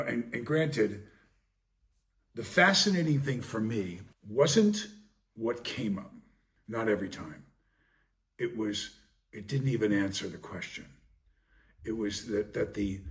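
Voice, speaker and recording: A man's voice: fairly low pitch, distant mic. A man talking casually as a podcast host, rambling with many ums and restarts. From Long Island, New York.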